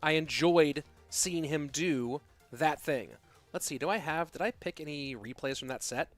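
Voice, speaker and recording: A man commentating a live esports match in a fairly high voice. He swings from excitable play-by-play to loose, rambling asides, with faint music playing behind him. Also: normal speed. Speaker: esports caster.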